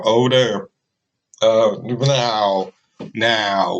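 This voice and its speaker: A man's voice: mid-range voice, lively intonation, drawn-out words, long pauses, husky. A man reacting to a story video, swearing freely and laughing as he comments. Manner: profane, laughing, emphatic asides.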